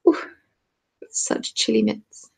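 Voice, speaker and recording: Her voice slow and a little mellow, a woman in her twenties from southern England runs a crafting channel. She knits on a live stream in a cold home, chatting casually and answering viewer comments.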